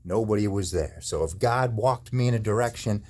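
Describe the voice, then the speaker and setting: Man in chronic pain, slightly low voice, angry profane rant to camera, repeats himself. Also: moderate pace, a little mellow. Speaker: video maker. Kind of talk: angry ranting monologue.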